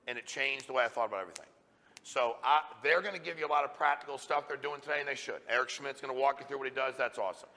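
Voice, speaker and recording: A middle-aged man, a company president, giving a blunt, forceful motivational talk to a live audience. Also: mid-range voice, very fast. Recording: reverberant hall sound.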